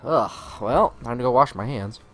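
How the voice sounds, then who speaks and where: A man's voice: mid-range voice, measured pace, a bit bright, faint music behind. A man streaming a game playthrough, reading the game's text aloud and adding sarcastic, profane asides.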